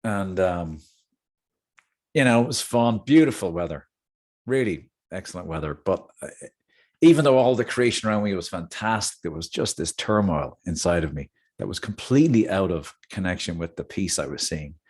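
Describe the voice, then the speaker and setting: Animated middle-aged man telling a story. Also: sits low, moderate pace. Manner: animated, jokey asides, chatty. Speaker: host. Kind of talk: casual storytelling monologue.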